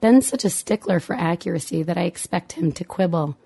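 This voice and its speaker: A woman's voice: fairly low pitch, animated, brisk, vocal fry, dark tone, slightly rough. A middle-aged woman, a mother, reading her memoir aloud with dry, wry humor.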